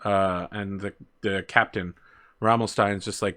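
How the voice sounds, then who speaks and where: Man narrating as tabletop game master. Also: on the low side. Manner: relaxed storytelling with fillers and quick asides.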